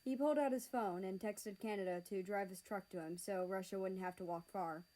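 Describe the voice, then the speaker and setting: Female fan fiction narrator, steady and matter-of-fact. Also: mid-range voice, fairly quick, poor audio. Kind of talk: storybook narration.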